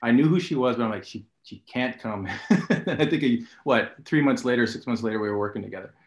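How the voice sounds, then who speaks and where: A man's voice: medium pitch, quick pace. A man speaking as an interview guest, joking and self-deprecating as he tells stories. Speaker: guest, art director. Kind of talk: casual interview. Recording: roomy echo.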